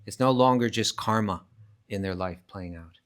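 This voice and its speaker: Emphatic low-voiced man teaching scripture. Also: moderate pace. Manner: emphatic, explains step by step with frequent restarts; recites verses in Sanskrit. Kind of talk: live scripture class lecture. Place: class at a rural retreat centre.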